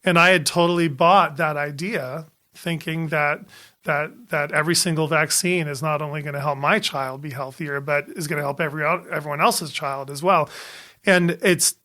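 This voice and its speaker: A man in his fifties recounting a personal story on a casual podcast. His voice sits a little high and rings bright and forceful. He circles back and restarts his sentences, with frequent ums along the way. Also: fairly even intonation. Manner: halting, many ums and restarts. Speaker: podcast co-host, doctor.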